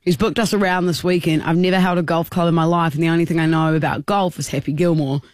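A man's voice: on the high side, fairly even intonation, quick pace, dry recording. A man, co-hosting a radio show, teasing and arguing with his colleague. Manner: teasing, argumentative. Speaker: radio co-host. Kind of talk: casual radio banter.

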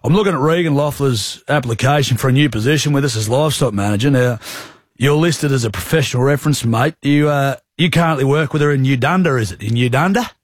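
A man putting on a broad rural Australian livestock agent, matey and blunt, husky voice, prank call. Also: mid-range voice, fast talker, no room sound, natural voice.

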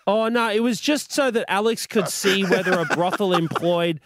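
A man co-hosting a casual chat, jokey and quick to laugh. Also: high-pitched, very noisy. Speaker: co-host.

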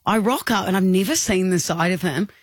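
A woman co-hosting a radio show, telling a story with lively mimicry of voices. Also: medium pitch, fairly quick, no room sound, clean studio sound. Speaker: radio co-host. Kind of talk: casual radio banter. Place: radio studio. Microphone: studio mic.

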